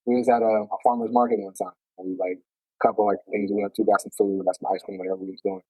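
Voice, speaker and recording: A man's voice: fairly low pitch, steady tone, dark tone, no echo, rough recording. A man co-hosting a podcast, chatting casually in a rambling way with lots of fillers. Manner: rapid, rambling with many fillers. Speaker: podcast co-host. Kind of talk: casual chat.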